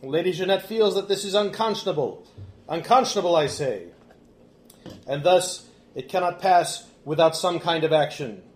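A man's voice: a little high, lively intonation, moderate pace, pitched above the performer's own voice, natural voice. Man doing a formal noble host, declamatory, raised voice, echoey room. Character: formal male noble host addressing a ballroom.

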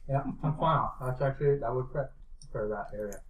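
A man's voice: medium pitch, fast talker, mellow. A man playing in a tabletop game, chatting casually and tossing out playful ideas. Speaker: player. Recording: echoey room, faint noise.

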